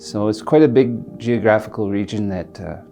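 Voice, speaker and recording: Earnest low-voiced man. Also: mellow, faint music behind. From Alberta, Canada. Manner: earnest, reflective, halting with restarts. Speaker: interviewee, community leader. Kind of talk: personal storytelling interview.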